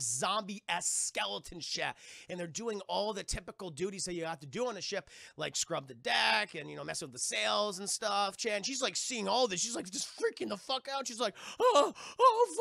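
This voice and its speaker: Gravelly, profane man recapping a film. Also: sits high, dry recording, studio quality. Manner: profane, rambling, animated retelling. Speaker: streamer reviewing a film. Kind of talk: casual film review for a live chat.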